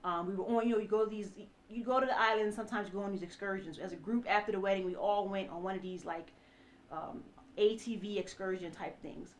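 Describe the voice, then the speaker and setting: A woman's voice: medium pitch, steady tone, quick pace. A woman in her thirties giving an earnest personal testimony, speaking directly to her listeners and often repeating herself as she recounts events. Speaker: ex-wife telling her story.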